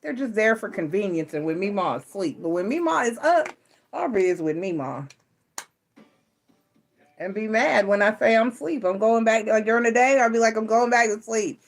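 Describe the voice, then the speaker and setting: A woman's voice: mid-range voice, expressive, normal speed, slight background noise. A middle-aged woman giving a live tarot reading and chatting from home at night, playful and laughing often. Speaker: tarot reader.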